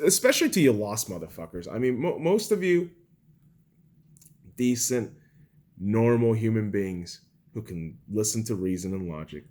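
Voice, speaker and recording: A young male podcast host tears into a heated, profane rant. His voice jumps wildly in pitch, flaring into shouts and then sinking to low mutters. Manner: profane, angry ranting with swings from shouting to muttering. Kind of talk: political rant.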